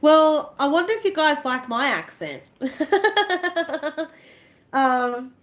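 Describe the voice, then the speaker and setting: Slow-talking, giggly Australian woman. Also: sits high, animated. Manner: chatty, giggly, self-conscious. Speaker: live-stream vlogger. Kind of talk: casual chat while crafting.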